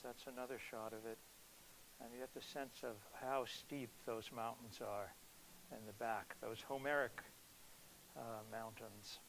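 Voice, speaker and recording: A man speaking to an audience at a poetry reading, mid-pitched and unhurried, pausing often with ums as he gathers his thoughts. A faint hiss runs under the recording. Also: low-quality recording. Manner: hesitant, with many ums. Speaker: poet giving a reading. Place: cultural center hall.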